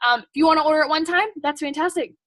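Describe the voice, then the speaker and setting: A young woman talks to her team in a casual, pushy pep-talk style, leaning on "like" and "um." Her voice sits high and bright. The recording is dry and close, with no room sound. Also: racing, no echo. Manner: chatty, emphatic, says "like" and "um" a lot; blunt and pushy. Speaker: team leader at a sales kick-off meeting.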